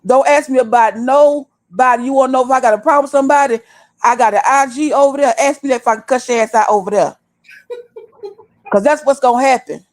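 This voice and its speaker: Woman streamer, high-pitched, blunt and profane, lecturing her viewers. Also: brisk. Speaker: livestream host. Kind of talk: heated livestream rant. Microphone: desktop stream mic.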